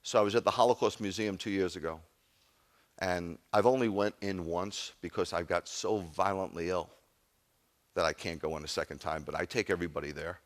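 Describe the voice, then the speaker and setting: A man's voice: sits low, fairly even intonation, brisk. A middle-aged man, a rabbi, giving a sermon with emphatic, intense storytelling.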